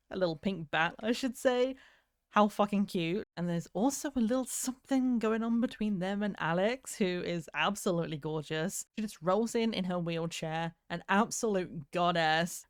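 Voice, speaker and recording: Brief: young female streamer, low-ish voice, excited and gushing, close dry mic. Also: no echo. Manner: gushing, excitable, swears casually. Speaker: game streamer. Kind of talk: let's play commentary.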